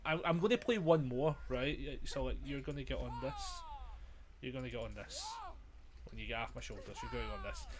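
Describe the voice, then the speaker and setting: A man's voice: medium pitch, fairly bright tone. A man commentating his own gameplay casually, exasperated and self-mocking, swearing constantly, his throat strained and frazzled. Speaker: gamer streamer.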